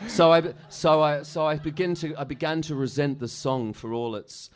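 A man's voice: fairly high pitch, fairly even intonation, moderate pace. Swearing, rambling man telling stories. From Australia. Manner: rambling, swears freely, laughs at own stories. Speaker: musician guest. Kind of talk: casual interview storytelling.

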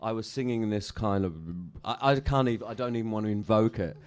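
A man's voice: fairly low pitch, fast talker, a little mellow, smooth. A middle-aged musician telling rambling, profane stories in a casual interview, laughing at his own anecdotes. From Australia. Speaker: musician guest.

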